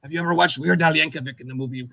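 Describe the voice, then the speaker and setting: A man hosting a live stream chat, excitable and full of exclamations, jumping from topic to topic. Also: a little high, rapid-fire, gravelly, a loud crowd. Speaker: host.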